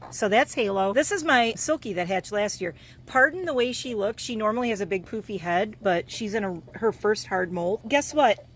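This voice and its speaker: A woman gives a chatty backyard tour, talking straight to a handheld camera at a moderate pitch. She coos and baby-talks at her little chicks between excited explanations. The outdoor recording carries a faint hiss with hens clucking nearby. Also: moderate pace, hardly any pauses. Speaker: homestead vlogger. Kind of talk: casual vlog tour.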